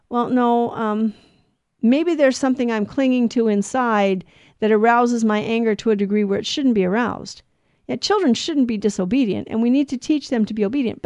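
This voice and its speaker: A Bible teacher with a mellow, slightly high voice gives a scripture talk, recorded with no room sound. She tells Bible stories, acts out the characters' lines, and laughs lightly between points.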